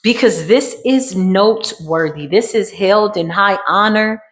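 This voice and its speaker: A woman giving a dramatic tarot card reading in a sassy way, dropping to a hush and then rising to emphatic bursts. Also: medium pitch, measured pace. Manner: sassy, dramatic, swings between hushed and emphatic. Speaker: tarot reader.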